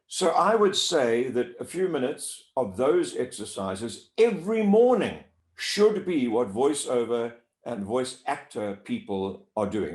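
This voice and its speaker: A man coaches voice warm-ups with a lively, swooping pitch. He talks in an animated, demonstrative way. The room around him rings with echo. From South Africa. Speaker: voice-over coach. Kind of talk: explanatory interview talk. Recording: echoey room.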